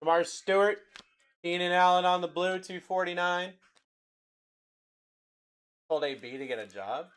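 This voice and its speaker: Man, young, high-pitched, upbeat livestream break host calling cards to buyers, chatty and hyped. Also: a little slow, pauses often, fairly bright tone, smooth. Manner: hyped, chatty, rattling off player names to buyers. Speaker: live card break host.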